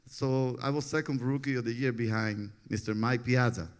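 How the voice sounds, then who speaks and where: A man's voice: medium pitch, moderate pace, clear, resonant tone. Laughing man. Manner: laughs often, animated when quoting others. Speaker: interview guest, former pitcher. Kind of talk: relaxed storytelling interview.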